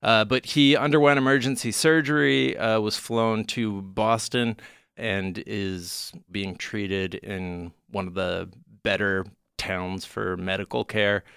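A man's voice: fairly low pitch, steady tone, slow, creaky, fairly bright tone, clear, resonant tone, no echo, clean studio sound. A man hosting a comedy podcast, explaining things in a jokey, rambling way with plenty of "uh"s. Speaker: podcast host. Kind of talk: casual comedic chat.

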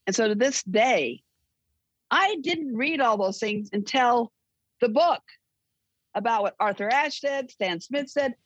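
A woman's voice: fairly high pitch, animated, a little slow, pauses often, husky, no room sound, muffled recording. An older woman, a guest, telling stories in a rambling, self-correcting way during casual chat.

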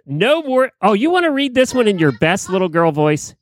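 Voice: mid-range voice, very animated, normal speed, dry recording, studio quality. A podcast co-host in casual chat, teasing and laughing through the banter.

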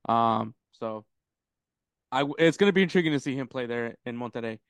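A man's voice: medium pitch, lively intonation, brisk, clear, resonant tone, no room sound. A man co-hosting a podcast, rambling casually about soccer, swearing freely and laughing often. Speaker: podcast co-host.

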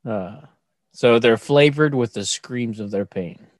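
A man's voice: medium pitch, measured pace, no room sound. A man in casual podcast chat, joking around and playing along. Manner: joking, playful, laughs along.

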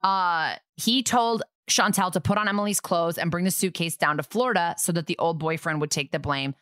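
A young adult woman co-hosting a podcast, chatting casually and recapping a TV episode in a lively storytelling way, acting out the characters' lines. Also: on the low side, brisk, no room sound, clean studio sound. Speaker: podcast co-host.

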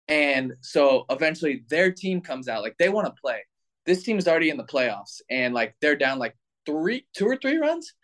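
A baseball player in his twenties tells a story in a casual, lively way, with lots of filler words and a medium-pitched voice.

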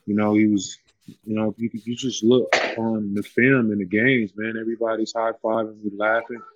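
Low-voiced man, heartfelt casual storyteller. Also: flat delivery, normal speed, muffled recording, noisy background. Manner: heartfelt, loose, many "you know" fillers. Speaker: former college basketball player, guest.

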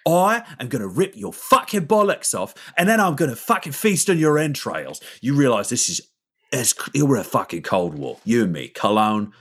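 A man's voice: mid-range voice, very animated, normal speed, fairly bright tone, slightly rough, voice pushed up, heavily acted. Man voicing a snarling, swearing crime boss. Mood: furious. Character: furious foul-mouthed male crime-house boss. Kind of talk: tabletop game role-play.

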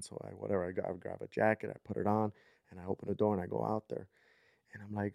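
A man's voice: low-pitched, flat delivery, fast talker, creaky, darkish tone, no echo. A man in his thirties hosting a podcast, telling a long story in a casual, rambling way with lots of fillers. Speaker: podcast host.

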